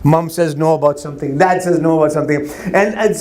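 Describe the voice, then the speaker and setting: A man's voice: fairly high pitch, quick pace, few pauses, a little mellow. A man preaching a sermon to young people, telling stories and addressing the audience directly. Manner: storytelling, repetitive, addresses audience. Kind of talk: sermon to youth.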